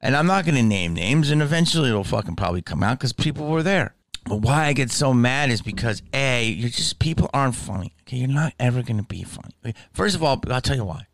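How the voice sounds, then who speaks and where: A man's voice: medium pitch, expressive, fast talker, creaky, no room sound, studio quality. A man hosting a podcast, ranting in a profane, emphatic way and often asking "okay?". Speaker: podcast host. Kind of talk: casual ranting monologue.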